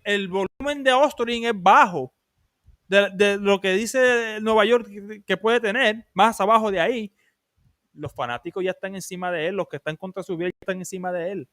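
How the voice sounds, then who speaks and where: A man's voice: high voice, fairly bright tone, dry recording, studio quality. A man hosting a boxing livestream, talking casually and with heat, switching back and forth between English and Spanish. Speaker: livestream boxing show host.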